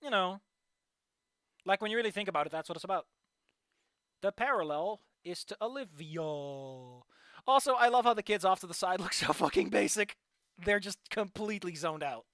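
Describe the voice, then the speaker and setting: Excitable, swearing man streamer. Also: sits high, normal speed, no echo, studio quality. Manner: excitable and profane. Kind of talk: game playthrough commentary.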